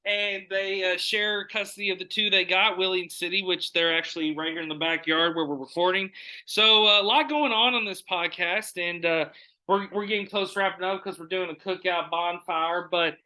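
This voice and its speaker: A man's voice: sits high, steady tone, bright, forceful tone, rough recording. A man hosting a casual podcast, easygoing and full of fillers, recorded outdoors in a backyard. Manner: easygoing, many fillers and restarts, quick backchannels. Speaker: podcast host.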